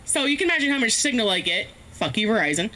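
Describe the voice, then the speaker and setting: A woman's voice: on the high side, very animated, quick pace, sharp tone. A woman telling a rambling, profane, self-mocking story as a stand-up comedian, laughing often. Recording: faint background noise, live stream.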